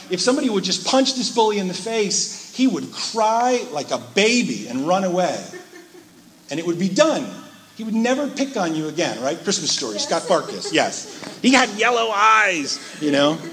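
A man preaching a sermon, swinging between loud emphasis and hushed, soft asides. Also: high-pitched, sing-song, moderate pace, a little hiss or hum. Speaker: pastor.

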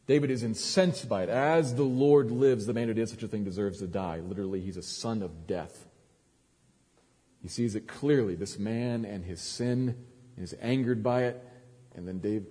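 A man's voice: fairly low pitch, dark tone, breathy edge, big-room sound. A male pastor preaching a sermon, retelling a story with dramatic emphasis and frequent restarts.

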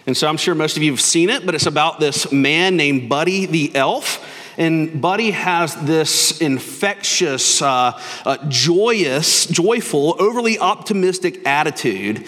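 A man's voice: on the high side, fairly bright tone. A man preaching a sermon as pastor, earnest and conversational. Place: church sanctuary. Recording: long hall reverb.

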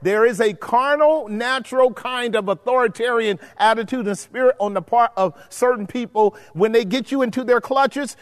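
High-voiced emphatic male preacher. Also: big-room sound. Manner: emphatic, repeats points, checks in with listeners. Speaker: Bible study teacher. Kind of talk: preaching Bible study.

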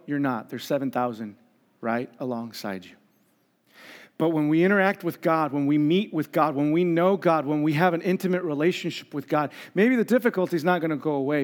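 Guy preaching a sermon, chatty and funny, long echo from a big hall. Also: fairly high pitch. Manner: conversational, acts out quoted voices with humor. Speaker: pastor. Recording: long reverb of a large hall.

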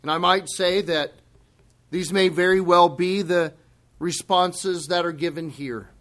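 A man delivers a sermon at an unhurried, measured pace. His voice sits high for a man. He leans on words for emphasis and bursts into dramatic exclamations. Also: fairly even intonation, fairly bright tone. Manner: slow, deliberate emphasis. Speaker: pastor.

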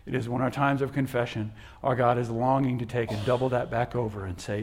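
A male pastor preaching a sermon, swinging from hushed, drawn-out words to loud emphatic lines, often repeating and restarting phrases. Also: medium pitch, level tone.

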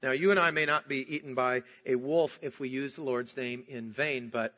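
A man preaching a sermon, moving between animated storytelling and soft, earnest emphasis. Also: medium pitch, normal speed, highs cut off. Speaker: pastor.

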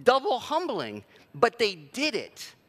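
A man's voice: very high-pitched, huge pitch swings, slow pace. A man preaching a sermon in a conversational, self-deprecating way with plenty of filler words. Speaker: pastor.

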